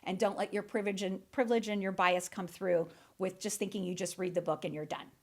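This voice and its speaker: A woman's voice: medium pitch, fairly even intonation, brisk. A woman in her forties hosting a podcast, talking earnestly and emphatically straight to her listeners. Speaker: podcast host. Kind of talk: heartfelt solo podcast monologue. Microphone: studio microphone.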